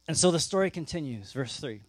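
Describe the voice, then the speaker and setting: A man preaching a sermon, telling the story with lively asides and acting out the characters. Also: a little high, a little fast, no echo. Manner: animated storytelling, acts out characters with gasps and asides. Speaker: pastor.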